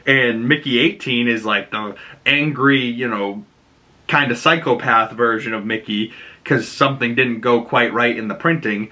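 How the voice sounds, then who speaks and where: A young man rambles chattily through a movie review, laughing at his own tangents and packing in plenty of "you know" and "like." His voice is bright and forward, medium in pitch, at a normal speed.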